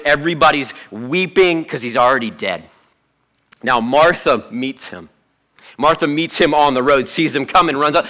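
A man preaching a sermon to his church in a conversational, animated way, with joking asides. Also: medium pitch. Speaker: pastor.

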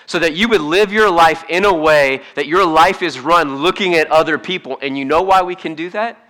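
A man preaching a sermon in a conversational, humorous way, swinging between hushed asides and emphatic points. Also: a little high, normal speed. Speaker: pastor.

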